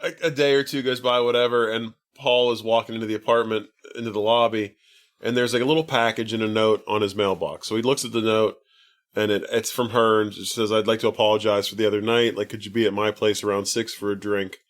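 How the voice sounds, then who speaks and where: A man co-hosting a podcast, casually retelling a film plot with lots of fillers and pitching up when he quotes characters. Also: little pitch movement, quick pace. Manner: rambling, filler-heavy retelling, lifts his pitch for quoted lines. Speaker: podcast co-host. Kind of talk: casual movie recap chat.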